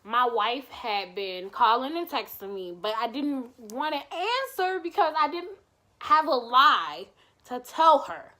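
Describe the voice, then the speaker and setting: This woman vlogger's voice sits a little high, and she keeps a measured pace. Her personal story comes out casual and animated, with the dialogue acted out and plenty of swearing.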